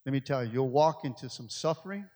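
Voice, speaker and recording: A man preaching a sermon as pastor, swinging from loud, urgent appeals to quiet, low passages. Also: expressive, fast talker, big-room sound. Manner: preaching with rising, shouted appeals and quiet stretches.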